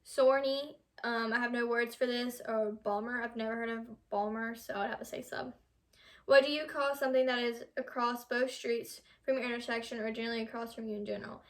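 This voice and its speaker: A woman's voice: a little high, steady tone, a little fast. Young woman reading quiz questions aloud. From United States. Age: young adult. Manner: reads questions aloud, stumbles over words. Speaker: vlogger.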